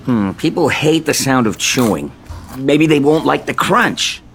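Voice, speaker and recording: A man's voice: medium pitch, lively intonation, unhurried, a bit bright, faint music behind. A man voicing an anxious male candy character in a commercial, fretful and jumpy.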